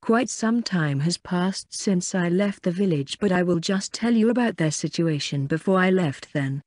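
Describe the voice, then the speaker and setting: A synthetic narrator voicing an eccentric, boastful man from a village, speaking slowly and fervently. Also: mid-range voice, expressive, no room sound, clean studio sound, lightly acted. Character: eccentric village chief's son, male, boastful zealot.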